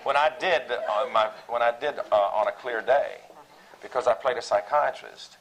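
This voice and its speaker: A man's voice: medium pitch, normal speed, a bit bright, rough recording. A man with a mild Southern American accent, telling a rambling, self-deprecating story on a stage panel and laughing often. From Tennessee, USA. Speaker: actor on a panel. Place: stage panel before an audience.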